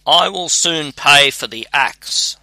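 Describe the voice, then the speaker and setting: Man doing calm young scholar, self-assured, storybook, bright voice, dry close sound. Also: fairly high pitch, slow pace, gravelly, no room sound, exaggerated voice. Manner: calm, reassuring.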